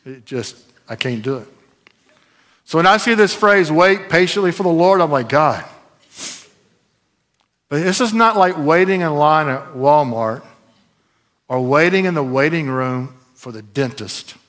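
A middle-aged man preaching a sermon in a conversational, animated way, with sudden loud bursts. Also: fairly high pitch, moderate pace. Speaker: pastor.

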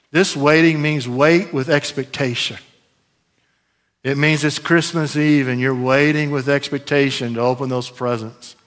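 A middle-aged man preaching a sermon in a conversational, animated way, with sudden loud bursts. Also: medium pitch. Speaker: pastor.

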